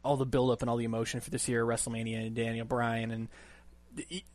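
A man co-hosting a casual wrestling podcast, talking in a relaxed, hesitant way. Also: mid-range voice, quick pace, dry recording. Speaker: podcast co-host.

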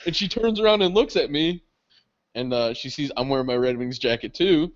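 A young man co-hosting a podcast, telling stories in casual chat. He swears often, laughs through his stories and jumps high when he quotes other people. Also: animated, fairly quick. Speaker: podcast co-host. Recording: dull lo-fi podcast audio.

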